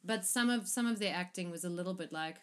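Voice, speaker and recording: A woman's voice: on the low side, fast talker, fairly bright tone. A woman co-hosting a podcast in casual film chat, talking animatedly, swearing freely and acting out lines. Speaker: podcast co-host.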